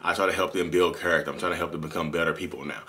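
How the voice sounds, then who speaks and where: A man in his thirties talks to camera in a candid, rambling confessional. His voice sits very low but sounds bright and forceful. He moves at a quick clip and keeps circling back to fix his own timeline. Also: fairly even intonation. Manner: candid, rambling, self-correcting. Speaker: channel host. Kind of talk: confessional monologue.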